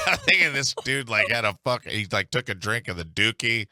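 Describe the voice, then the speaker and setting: Animated, bright-toned man telling stories. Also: medium pitch, normal speed, no room sound. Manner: animated storyteller, loud acted-out quotes. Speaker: podcast co-host. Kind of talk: casual comedic chat.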